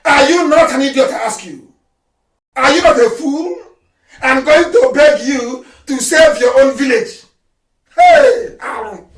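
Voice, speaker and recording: Fiery high-voiced Nigerian man, echoey and distant. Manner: fiery and scornful, shouting often, switching into Igbo phrases. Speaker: political activist leader addressing followers. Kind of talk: impassioned live address. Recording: echoey room, speaker far from the mic.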